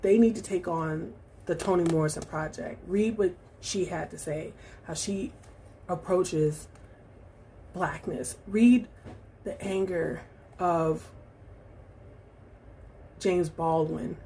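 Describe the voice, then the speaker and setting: A woman talking through her recent reading in a casual vlog, reflective and halting, with many fillers and restarts. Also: lowish voice, warm tone, slight background noise. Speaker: book vlogger. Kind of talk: casual book review vlog.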